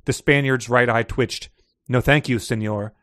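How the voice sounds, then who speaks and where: A man of middle pitch reads prose passages aloud for a podcast, slipping into light character voices for the dialogue. The sound is dry and close, with no room around it. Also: steady tone, a little slow, a bit bright, no room sound. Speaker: podcast co-host reading excerpts. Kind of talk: casual podcast chat and reading aloud.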